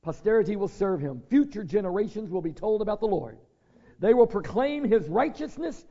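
Male pastor, high voice, earnest sermon delivery with scripture read aloud, dull lo-fi recording. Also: dark tone. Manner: earnest preaching mixed with scripture reading.

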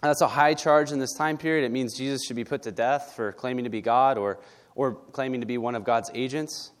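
Male pastor, mid-pitched, plainspoken, casual sermon delivery. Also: steady tone, brisk. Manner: blunt, conversational, tag questions.

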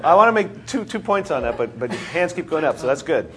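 A man leading a classroom discussion as the instructor, telling stories with animated laughter. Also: on the high side, brisk. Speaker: seminar instructor. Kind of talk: teacher leading a group discussion.

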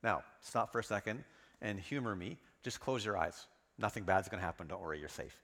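Male pastor, animated sermon delivery, mid-pitched, long church-hall reverb. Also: quick pace. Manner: lively, dramatic storytelling.

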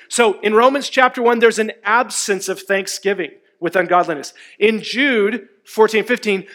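A man's voice: sits high, a bit bright. A man preaching a sermon, emphatic and asking his congregation questions. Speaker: pastor.

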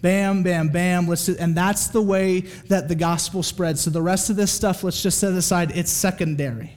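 A male pastor preaching in a relaxed, conversational way, his voice sitting a little high for a man. He talks quickly and animatedly, pausing again and again to check in with the congregation. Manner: casual, animated, keeps checking in with "okay?". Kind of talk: sermon.

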